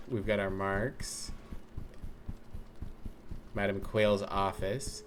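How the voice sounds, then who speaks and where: A man streaming a game, joking and chatting casually, swearing now and then. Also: fairly low pitch.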